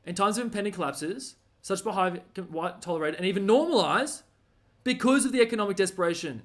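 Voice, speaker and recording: A man's voice: high-pitched, fast. An Australian man ranting casually, rambling and slangy with lots of fillers and restarts.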